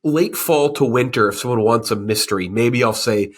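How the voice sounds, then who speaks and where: A man's voice: medium pitch, moderate pace. A man co-hosting a casual movie review chat, rambling and a bit sarcastic. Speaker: podcast co-host.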